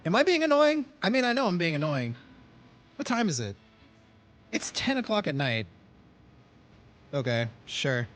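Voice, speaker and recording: A man streaming a video game from home at night, chatting casually and quietly about what is on screen. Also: sits high, very animated, normal speed, pauses often. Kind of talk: casual gameplay chat.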